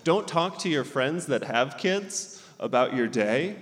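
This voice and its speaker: A man's voice: mid-range voice, measured pace, long reverb tail. A man in his thirties from Southern California, telling stand-up stories and laughing as he talks. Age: 30s. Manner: laughing, animated storytelling with character voices. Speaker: stand-up comedian and guest. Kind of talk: stand-up set then talk-show chat. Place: theater stage.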